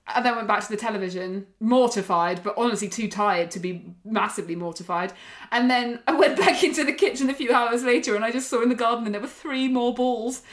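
High-voiced woman telling a funny story. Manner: animated, self-deprecating, laughing through the story. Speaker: podcast host. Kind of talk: casual anecdote-telling.

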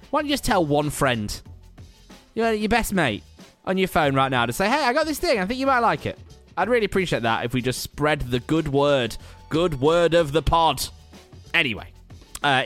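A man hosts a podcast in a loose, chatty way, poking fun at himself as he goes. His pitch jumps high when he jokes. Faint music plays underneath. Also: a bit bright. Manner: chatty, self-mocking, jumpy pitch. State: out of breath. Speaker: podcast host. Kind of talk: casual podcast intro.

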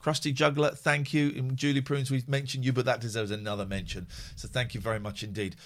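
A man's voice: mid-range voice, little pitch movement, fairly quick, slight background noise. Guy hosting a late night phone-in, dry and teasing, middle-of-the-road voice. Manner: dry, teasing, reads sponsor plugs. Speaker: radio phone-in host.

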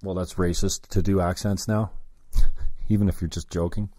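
A man's voice: deep voice, level tone, moderate pace, warm tone, no room sound. A man telling a long, rambling story, cursing and cutting himself off mid-sentence. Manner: rambling, self-interrupting, profane.

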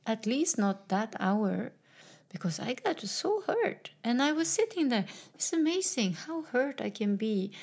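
Slow, gravelly woman in her fifties. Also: mid-range voice. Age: 50s. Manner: earnest and heartfelt, sometimes dropping to a soft whisper. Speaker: speaker sharing personal growth advice. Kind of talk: reflective personal talk.

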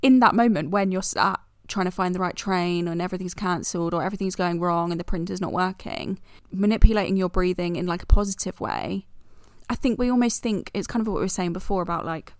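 A woman's voice: on the low side, fast, no room sound, studio quality. A woman co-hosting a podcast, talking in an encouraging, reflective way with casual swearing. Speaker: podcast co-host. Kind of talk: casual chat.

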